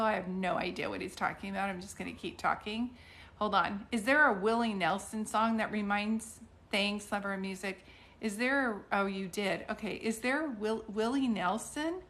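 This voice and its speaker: A woman's voice: mid-range voice, fairly bright tone. A middle-aged woman doing psychic readings on a live stream, talking in a chatty, rambling way with many restarts and fillers.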